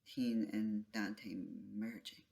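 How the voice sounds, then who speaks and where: A vlogger retelling a story in a soft, halting, emotional way, with trailing phrases and whispered asides. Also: mid-range voice, little pitch movement. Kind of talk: casual spoken vlog retelling.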